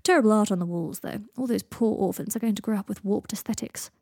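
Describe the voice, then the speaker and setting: A woman's voice: medium pitch, fast talker, a little mellow, no room sound, natural voice. Woman reading as Draco, a wry young wizard. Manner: dry, theatrical wit. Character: sardonic, dying young wizard man.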